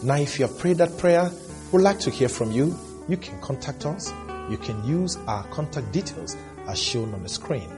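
A man leading a scripted closing prayer on a religious broadcast, with a measured, expressive delivery. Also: medium pitch, music in the background. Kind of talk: scripted altar-call prayer.

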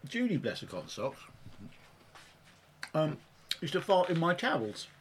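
A man co-hosting a casual chat podcast over beers, animated and chatty. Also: a little high, measured pace, noisy background. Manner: animated, chatty, swears mildly. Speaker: podcast co-host.

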